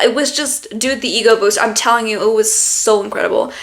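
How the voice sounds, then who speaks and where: A woman's voice: on the high side, fairly even intonation, brisk, few pauses, background noise. A young woman from Germany whose first language is German, rambling through a casual story as a podcast host, with constant fillers and swearing.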